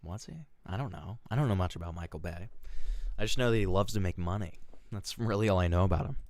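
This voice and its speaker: A man's voice: low voice, fast talker, no room sound. A man hosting a casual podcast chat, rambling, trailing off and laughing often. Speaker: podcast host.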